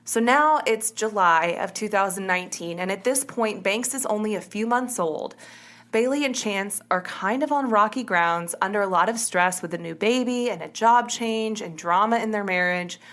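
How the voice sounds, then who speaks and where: A woman's voice: medium pitch, moderate pace, fairly bright tone. A woman hosting a podcast, telling a true crime story in a casual, chatty way. She often corrects herself mid-sentence. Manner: chatty, self-correcting, uses "like" and "kinda". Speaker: podcast host.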